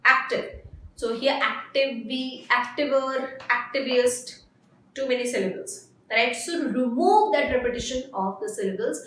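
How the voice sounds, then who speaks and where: A woman's voice: fairly high pitch, normal speed, fairly bright tone. A woman teaching an online English grammar lesson, explaining patiently and often checking with "right?". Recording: very echoey room, mic at a distance, faint noise.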